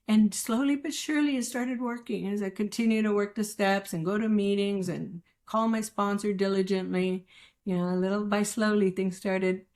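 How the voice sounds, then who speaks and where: Her voice sits in the mid range, steady and a little mellow, at a moderate pace. This guest gives a frank, emotional personal account of her recovery, voicing the people she quotes.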